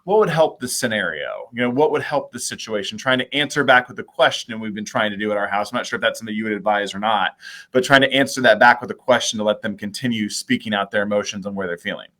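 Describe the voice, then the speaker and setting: A man speaks on a video call with a bright, forceful voice. He talks in a relaxed, conversational way and pokes fun at himself with dad humor. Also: fairly low pitch, quick pace. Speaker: mayor and show host. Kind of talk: casual video chat.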